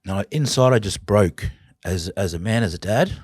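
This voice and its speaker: An Australian man, a podcast guest, telling his personal story in an earnest, halting, emotional way. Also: on the low side, expressive, a little mellow, husky, no echo.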